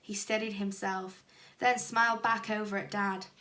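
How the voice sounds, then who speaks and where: A woman teacher reading a children's storybook aloud, lively and expressive. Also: mid-range voice, normal speed. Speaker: primary school teacher.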